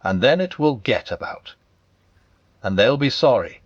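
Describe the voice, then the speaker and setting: A man reading a bedtime storybook in a gentle, expressive voice, his pitch moving freely across phrases. The sound is close and dry, with a dull, muffled quality. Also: measured pace, no echo. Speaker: audiobook narrator.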